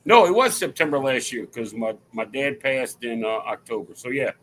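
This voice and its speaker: A man chatting casually on a live talk stream, an animated storyteller with slangy asides. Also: mid-range voice, moderate pace, a little hiss or hum, rough recording. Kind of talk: casual chat.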